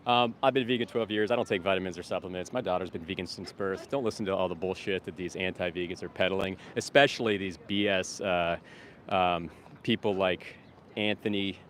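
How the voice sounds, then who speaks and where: A man's voice: deep voice, steady tone, brisk, slight background noise. Blunt, ranting middle-aged man outdoors. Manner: blunt, ranting, swears freely; calls out to passersby in a loud upbeat voice. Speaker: vegan street activist livestreaming. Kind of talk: casual livestream talk to viewers. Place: outdoors by a street.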